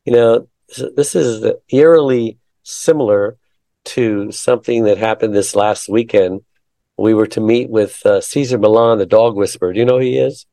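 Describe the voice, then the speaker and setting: A man hosts a casual interview, telling a story in a chatty, halting way with plenty of fillers. His voice is mellow and warm at a middle pitch, recorded close and dry with no room sound. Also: no echo. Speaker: interview host.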